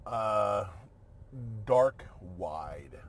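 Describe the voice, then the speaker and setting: A man's voice: lowish voice, animated, drawn-out words, gravelly, a little hiss or hum. A man chatting casually as a co-host, rambling and joking, often trailing off and restarting. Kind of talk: casual chat.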